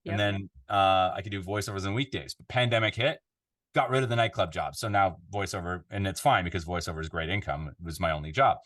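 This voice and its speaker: A Canadian man, a voiceover artist, chatting casually in an interview from his home control room, animated and full of fillers. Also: sits low, fast talker. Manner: animated, conversational, lots of fillers.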